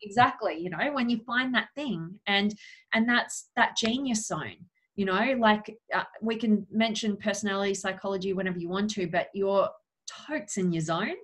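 A woman's voice: mid-range voice, a bit bright. Earnest young woman telling her story. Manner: earnest, slows down for emphasis, many "you know" fillers. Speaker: guest. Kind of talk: personal storytelling in an interview.

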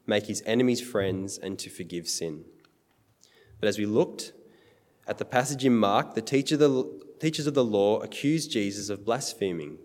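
A man's voice: fairly low pitch, darkish tone, in a large hall. A man preaching a sermon in an earnest, emphatic way, quoting scripture.

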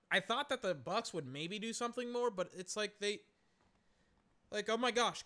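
Young male podcast host, high and bright, rambling and exasperated, fillers and cursing. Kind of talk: casual live game commentary. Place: home, in a recliner.

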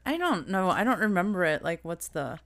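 A woman's voice: on the low side, sing-song, fairly quick, a bit bright. A woman co-hosting a podcast, chatting casually, laughing often and trailing off mid-sentence. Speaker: podcast co-host. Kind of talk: casual chat.

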